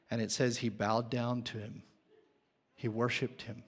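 Slow-speaking male pastor in a reverberant hall. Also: medium pitch, fairly even intonation, slightly rough. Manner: questions the congregation. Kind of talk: sermon.

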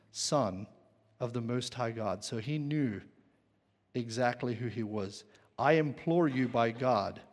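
Male preacher, slow deliberate delivery, questions the pews, long reverb of a church hall. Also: mid-range voice. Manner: questions the congregation. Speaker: pastor. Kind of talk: sermon.

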